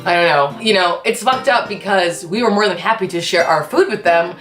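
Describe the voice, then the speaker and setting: Profane, animated woman storyteller. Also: on the low side, brisk. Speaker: host. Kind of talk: casual storytime. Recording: echoey room with faint guitar music.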